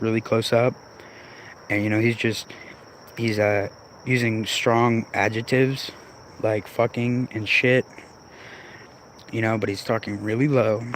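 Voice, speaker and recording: A man's voice: medium pitch, slight background noise. A man vlogging in a casual, rambling way, swearing freely and sounding irritated as he goes off on tangents. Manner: profane, rambling, irritated ranting.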